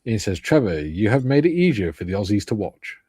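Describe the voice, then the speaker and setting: An older man hosts a casual livestream and jokes his way through viewers' comments. His voice is husky and fairly low. The sound is dry and close. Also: very animated, a little fast, mellow, no room sound. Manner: jokey, reads out chat comments. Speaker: livestream host.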